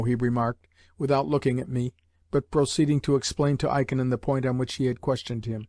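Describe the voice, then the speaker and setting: Measured male audiobook narrator, dry sound. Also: mid-range voice, steady tone, warm tone, no echo. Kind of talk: scripted narration.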